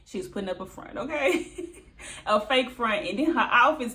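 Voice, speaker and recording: A woman's voice: on the high side, animated, normal speed, sharp tone. A woman recapping a reality show in a casual, chatty way, laughing often and mimicking the people she quotes.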